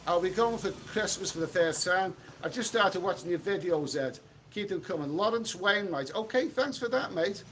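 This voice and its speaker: A man's voice: high voice, expressive, fairly bright tone, slight background noise. A middle-aged man reading out live chat on a travel livestream, talking bluntly and chattily, recorded outdoors on a street. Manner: blunt, chatty, quick to snap at trolls.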